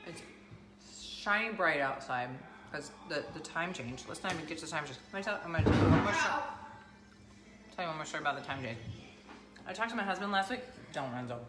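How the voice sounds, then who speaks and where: A woman's voice: deep voice, lively intonation, fast. A woman, chatting casually to camera and rambling through everyday stories. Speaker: vlogger. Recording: echoey room with music playing.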